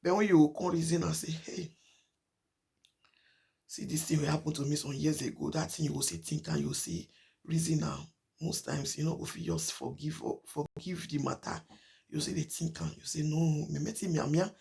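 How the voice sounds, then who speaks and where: A woman with a Nigerian accent talks straight to her viewers in a casual vlog. Her voice has a gravelly, creaky edge. She drives each point home by saying it again and again, moving between Pidgin and English. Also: low voice, animated, moderate pace, darkish tone. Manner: emphatic and repetitive, mixing Pidgin with English. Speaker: vlogger. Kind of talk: casual talk to camera.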